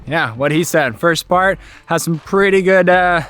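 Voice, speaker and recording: Guy filming himself on a hike, kinda high voice, chatty and upbeat, outdoors with some faint music under it. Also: measured pace, a bit bright, clean tone. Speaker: vlogger and hiking guide. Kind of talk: outdoor travel vlog narration. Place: outdoors on a forest trail.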